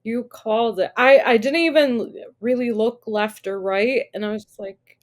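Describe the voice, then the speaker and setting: A woman from the United States with a fairly high voice talks as a guest chef on a podcast. She is chatty and acts out her own remarks as she tells her stories. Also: moderate pace. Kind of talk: casual conversation.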